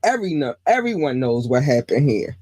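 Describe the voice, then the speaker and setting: A woman's voice: extremely low pitch, sing-song, a little fast, warm tone, no echo. Woman host reading news casually, full of asides and questions; dry, close recording. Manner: chatty, reads news aloud with frequent asides and questions. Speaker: podcast host.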